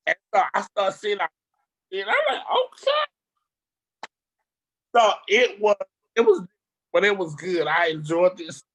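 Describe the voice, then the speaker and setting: Someone with a mid-range voice chats casually over video, telling an animated, roundabout story thick with slang and swearing.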